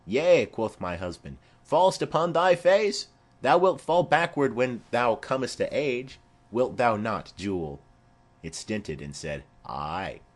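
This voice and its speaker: Brief: man playing a chatty old nurse in an audiobook play, slow and sing-song, low voice. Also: animated. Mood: chuckling fondly. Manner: rambling, garrulous storytelling. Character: chattering old female nurse, rambling and fond.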